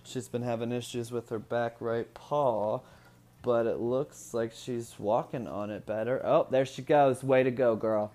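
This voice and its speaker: A man's voice: medium pitch, steady tone, unhurried, a little mellow. A man in his twenties from Indiana, talking at home in a rambling, profane casual chat and laughing often. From Indiana, USA. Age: 20s. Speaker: vlogger.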